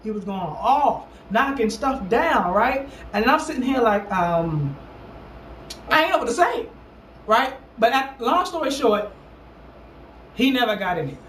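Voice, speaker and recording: A man tells a story in a casual talk session with animated emphasis, acting out what other people said and repeating lines for punch. He sits back from the mic in a roomy, echoing space. A light hiss sits under his voice. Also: extremely high pitch, unhurried, far from the mic. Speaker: host.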